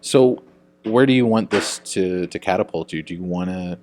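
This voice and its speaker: A man's voice: low-pitched, moderate pace, darkish tone, slight background noise. A male interviewer asking festival questions in an upbeat way, lifting his voice as he asks them.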